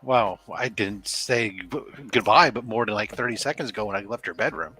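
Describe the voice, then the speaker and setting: A man with a lowish but bright, sharp-edged voice, joking dryly in a casual video-call hangout. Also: a little fast, breathy edge, soft background music, poor audio. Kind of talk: casual online group chat.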